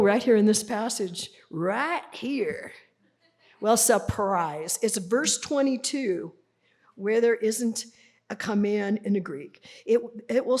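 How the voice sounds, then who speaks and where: A woman's voice: medium pitch, dark tone. A middle-aged woman giving a live lecture to an audience, explaining a Bible translation in a conversational, teacherly way and putting rhetorical questions to the listeners. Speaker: speaker presenting a Bible translation.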